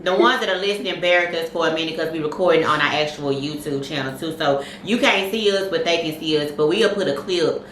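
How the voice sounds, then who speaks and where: Lower-voiced laughing storyteller woman. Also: fast talker, few pauses, a bit bright, echoey room, slight background noise, poor audio. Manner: laughing, chatty, acts out voices while telling stories. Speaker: podcast co-host. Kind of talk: casual chat, storytelling.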